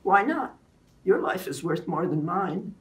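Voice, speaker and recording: A woman reading aloud and voicing a brave young queen who pleads softly. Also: fairly low pitch, animated, unhurried, distant mic. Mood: tender. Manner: pleading, soft.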